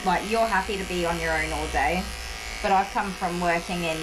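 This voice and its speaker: A woman's voice: lowish voice, normal speed. An Australian woman, a dog groomer, chatting on a live stream and gushing over dogs in baby talk. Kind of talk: casual live-stream chat. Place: small grooming shed with dogs. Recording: noisy room with clippers and dogs.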